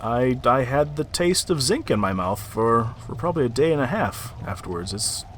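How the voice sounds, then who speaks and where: A battered, sleazy innkeeper of a tabletop game , put on by a man, mid-pitched and halting in his speech. He jokes crudely and stumbles over his words, with faint noise in the background. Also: lively intonation, natural voice. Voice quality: halting, with many fillers. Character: battered male innkeeper Toblin, sleazy and joking.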